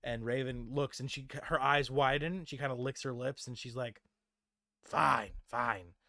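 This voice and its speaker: Bright halting male game master. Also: mid-range voice, little pitch movement, no room sound, studio quality. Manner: halting, many fillers. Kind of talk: narrating a tabletop game.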